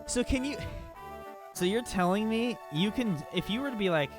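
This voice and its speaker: Chatty streamer with lively pitch. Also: moderate pace. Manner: chatty, swears casually, mutters asides. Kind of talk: live game stream commentary. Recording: live stream with faint game music.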